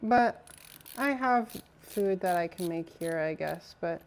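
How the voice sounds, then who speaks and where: Slow-talking casual woman streamer. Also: on the low side, lively intonation, slight background noise. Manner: chatty, talks to chat while assembling a PC; swears casually. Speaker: live streamer. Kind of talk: casual live-stream chat.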